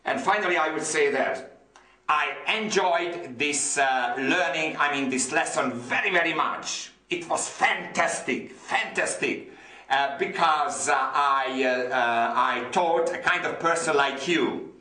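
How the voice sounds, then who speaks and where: A man's voice: a little high, measured pace, sharp tone, echoey room. A man with a Hungarian accent, a native Hungarian speaker, giving an online English lesson with enthusiasm, repeating words and using many fillers. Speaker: English teacher.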